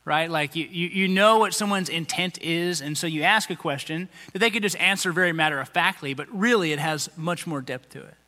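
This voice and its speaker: A man's voice: a little high, fairly quick, hardly any pauses, bright, forceful tone, long reverb tail. A man preaching a conversational sermon as pastor, acting out the people he quotes in little voices.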